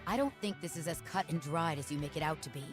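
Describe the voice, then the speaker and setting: A woman's voice: sits low, quick pace, close to an everyday voice. A woman voicing a level-headed, firm commander in a game. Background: game music.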